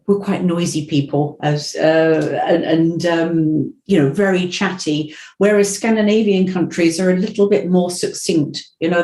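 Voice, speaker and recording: A woman from Essex with her home accent talks in a casual interview. Her voice sits low and sounds mellow, and she often restarts her sentences as she chats. The room around her rings with echo. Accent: Essex English. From Essex, England. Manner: chatty, with frequent restarts. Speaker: podcast guest, voiceover artist.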